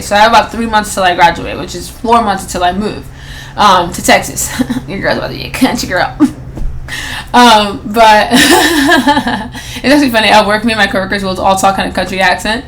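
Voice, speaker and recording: A woman's voice: mid-range voice, fairly bright tone, a little hiss or hum, low-quality recording. A woman in her twenties hosting a solo podcast, talking casually and rambling, often restarting and correcting herself with plenty of "like" and "you know". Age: 20s. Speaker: podcast host.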